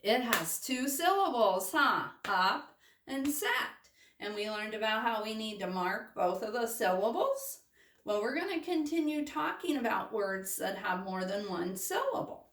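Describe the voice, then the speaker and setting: A woman teaching a phonics lesson to first graders, patient and steady, checking in with the children after almost every point. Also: on the high side, slight background noise. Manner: slow, patient, checks in with "okay?" often. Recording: roomy, mic at a distance.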